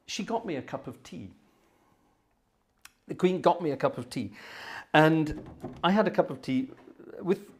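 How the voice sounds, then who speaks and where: A man at a mid pitch tells a long story to a concert audience. His delivery rambles, full of fillers, trailing asides and self-corrections. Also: a little mellow. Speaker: concert organist and host. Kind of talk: live storytelling anecdote.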